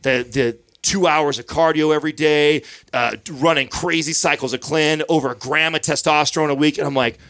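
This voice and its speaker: Smooth, fairly bright and fairly high-pitched, the voice belongs to a man in his thirties who hosts a podcast. His tone stays steady as he speaks a little fast, barely pausing, spinning a long profane story and acting out others' quotes in casual conversation.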